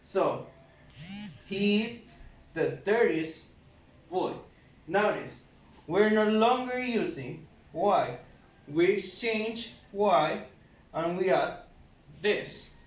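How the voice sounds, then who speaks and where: A man teaching an English grammar lesson, slow and patient, spelling out letters one by one. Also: high-pitched, lively intonation. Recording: echoey room, mic at a distance.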